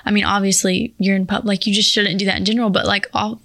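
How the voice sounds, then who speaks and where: A woman co-hosting a podcast, recalling memories in a relaxed, hesitant way. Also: mid-range voice, fast, vocal fry, no room sound. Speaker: podcast co-host. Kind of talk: casual chat.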